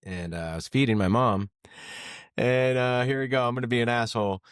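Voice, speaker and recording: A young man in loose, profane podcast banter, laughing through his own stories and jumping in to set the record straight. His voice sits at an ordinary pitch and is recorded close and dry, with no room sound. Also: brisk, clean tone, dry recording. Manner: swearing, laughing storyteller who interrupts and corrects. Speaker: guest. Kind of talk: casual podcast chat.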